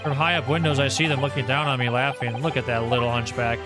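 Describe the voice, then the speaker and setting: A man voicing a nervous, excitable Japanese male scholar who bursts into theatrical, alliterative praise. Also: medium pitch, quick pace, pitched below the performer's own voice, lightly acted. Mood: gloomy. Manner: theatrical alliterative outbursts, swinging from gloom to glee. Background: loud game music.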